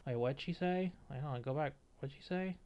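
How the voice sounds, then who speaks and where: A man's voice: mid-range voice, fairly quick, lo-fi sound, over loud music. A man giving an opinionated reaction commentary on a game, rambling with many fillers. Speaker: gaming video creator.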